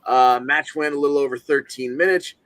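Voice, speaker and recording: Male co-host, mid-pitched, bright, dry sound, matter-of-fact recap. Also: brisk, dry recording. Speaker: podcast co-host. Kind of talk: casual wrestling podcast chat.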